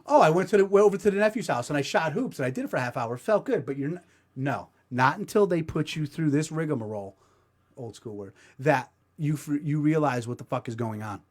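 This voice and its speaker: A man's voice: on the high side, expressive, fairly quick. A man hosting a podcast, telling a story in a casual, profane, self-mocking way. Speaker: podcast host. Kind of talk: comedic storytelling.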